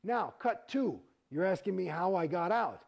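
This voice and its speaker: A middle-aged man, an actor, telling his own story in an interview, profane and animated, acting out the exchanges he describes. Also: high voice, moderate pace, vocal fry. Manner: profane, animated, gets heated and acts out quoted exchanges.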